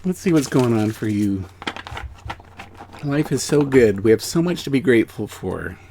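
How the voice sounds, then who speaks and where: A man delivering a spiritual reading straight to his viewers, his pitch swinging widely from phrase to phrase. He talks in an earnest, encouraging way, repeating himself for emphasis. He sinks into soft, hushed passages and then lifts into excited stresses. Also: moderate pace, background noise. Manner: repeats phrases and checks in with "okay?". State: emotional. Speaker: angel card reader.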